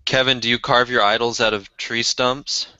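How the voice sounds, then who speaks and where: A man's voice: medium pitch, level tone, normal speed, pushed and bright, clean tone. A man on a group video call, teasing and joking. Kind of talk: casual chat on a video call. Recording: dull lo-fi video call audio.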